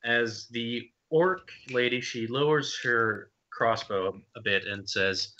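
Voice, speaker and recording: A man's voice: medium pitch, takes it slowly, hardly any pauses, sharp tone, a little hiss or hum. A young man running a tabletop game as game master, narrating in a loose, hesitant way with many fillers, on dull lo-fi stream audio.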